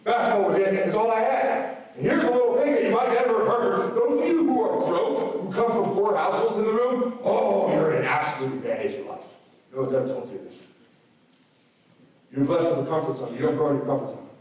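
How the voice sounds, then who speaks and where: A man in his thirties, his voice sitting a little high, delivers a punchy motivational speech to students. He fires rhetorical questions at them directly. He is heard from a distance in a very echoey hall. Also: expressive, a little fast, darkish tone. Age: 30s. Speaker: motivational speaker. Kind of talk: motivational speech to a school assembly. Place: large school gym or auditorium.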